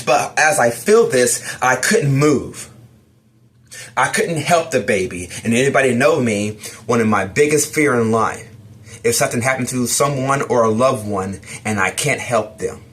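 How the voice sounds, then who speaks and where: A man's voice: medium pitch, a bit bright. Man dramatically retelling a nightmare. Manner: dramatic retelling, acts out his own lines in the dream. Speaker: testimony storyteller. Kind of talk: personal storytelling of a nightmare.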